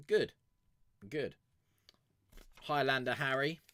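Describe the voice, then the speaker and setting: A man's voice: lowish voice, very animated, measured pace, long pauses, fairly bright tone, no room sound. A young man chatting casually on a live stream, rambling and swearing freely as he talks to viewers. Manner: rambling, swears freely, chuckles between thoughts. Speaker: music review streamer.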